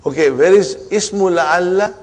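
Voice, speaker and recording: Arabic teacher drilling students, higher voice. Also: male voice, rapid-fire, darkish tone. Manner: drills students with repeated questions and "huh?" prompts; mixes English with Arabic and Islamic phrases. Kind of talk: classroom grammar lesson.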